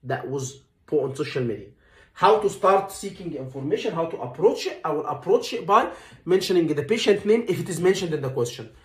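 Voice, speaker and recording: A man's voice: fairly high pitch, lively intonation, fairly quick, reverberant, far from the mic. A man teaching medical exam stations in a lecture, repeating key points emphatically and acting out sample dialogue. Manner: repetitive, emphatic, acts out dialogue lines.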